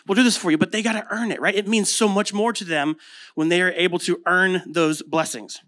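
Speaking briskly with fairly even intonation, a pastor in his thirties has a high, fairly bright voice and an American accent. He preaches a casual sermon, telling stories and asking rhetorical questions conversationally.

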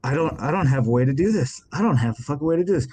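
A man's voice: on the high side, animated, very fast, darkish tone, breathy edge. A man guesting on a casual podcast, talking in a laid-back way with casual swearing.

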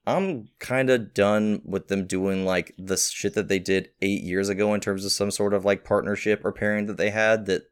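A man with a fairly low voice talks loosely on a podcast, piling up fillers as he thinks aloud. He perks up when something amuses him. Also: normal speed, hardly any pauses, clean tone. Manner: rambling, animated when joking, many fillers. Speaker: podcast co-host. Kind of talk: casual chat.

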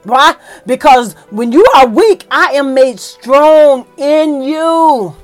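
A woman preaching a sermon in a fervent, emotional way, with folksy church talk and excited peaks. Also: high-pitched, slow, soft background music.

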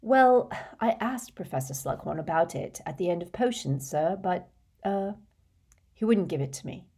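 An earnest teenage schoolboy from a storybook, read by a woman. He talks plainly and a bit haltingly in a low voice. He sounds hurried but polite. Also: animated, mellow, slightly rough.

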